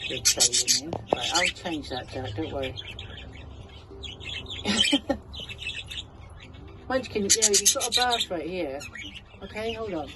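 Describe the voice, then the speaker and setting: Slow-talking bird keeper in loud wind. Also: mid-range voice. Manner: chatty, coaxing the birds in a fond baby-talk tone. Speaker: budgie keeper vlogger. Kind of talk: casual vlog chat. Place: outdoor aviary on a windy day. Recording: loud wind noise outdoors. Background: budgies chirping.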